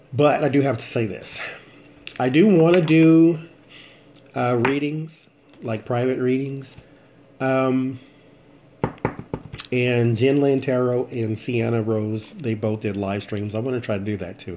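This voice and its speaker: A man's voice: medium pitch, measured pace, pauses often, darkish tone, slight background noise. A man hosting a casual late-night tarot reading vlog, rambling and chatty as he thinks aloud, with stifled yawns. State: yawning, late-night tired. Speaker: tarot reader, channel host.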